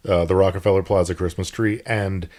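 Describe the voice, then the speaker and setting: A man's voice: low voice, fairly even intonation, a little fast, a little mellow. A man co-hosting a casual podcast, adding dry quips and short agreements. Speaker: podcast co-host. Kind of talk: casual chat.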